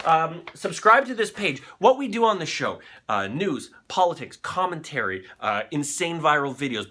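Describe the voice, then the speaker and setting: A male live show host who reacts to clips with loud, swearing excitement and lots of filler words. His voice is bright and forceful and slightly high, and it swings widely in pitch as he talks. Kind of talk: live commentary on viral videos.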